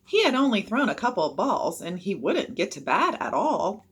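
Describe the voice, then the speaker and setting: A woman reading a children's chapter book aloud with expressive narration. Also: mid-range voice, normal speed, slightly rough.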